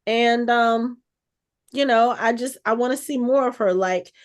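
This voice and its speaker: A woman co-hosting a podcast, casually recapping an episode with animated, chatty storytelling. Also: a little high, measured pace. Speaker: podcast co-host.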